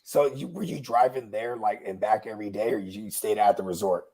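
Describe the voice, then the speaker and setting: A man co-hosting a casual podcast, relaxed and slangy, often chiming in with short replies. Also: fairly low pitch, brisk, creaky. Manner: relaxed, backchannels a lot, slangy. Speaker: podcast co-host. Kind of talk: casual chat.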